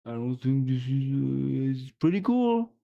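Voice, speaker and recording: A French man streams in unhurried English, his words coming slowly with plenty of pauses. His voice sits at an ordinary middle pitch. He laughs easily, teases his friends, and often trails off before starting a sentence again. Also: sing-song, creaky, muffled recording. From France. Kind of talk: casual live-stream chat.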